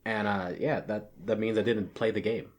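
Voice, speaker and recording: A man's voice: lowish voice, fairly even intonation, moderate pace. A man co-hosting a casual podcast, laid-back and laughing often, swearing now and then. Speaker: podcast co-host. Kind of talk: casual chat.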